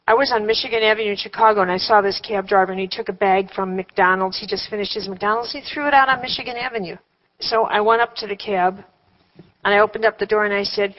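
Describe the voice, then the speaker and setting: A woman's voice: mid-range voice, steady tone, quick pace. Woman teaching a workshop, lo-fi. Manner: conversational, with rhetorical questions and wry humor. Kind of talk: live workshop talk to a group. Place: room with a seated group.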